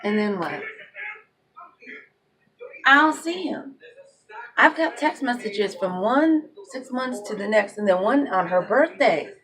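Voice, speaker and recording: A woman in her thirties, a single mother, telling a personal story in a blunt, animated monologue with heavy swearing. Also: mid-range voice, takes it slowly, long pauses.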